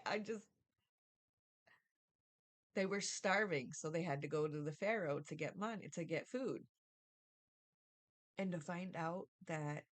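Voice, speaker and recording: A woman giving a casual, rambling Bible study review, thinking aloud and often asking "right?". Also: fairly low pitch.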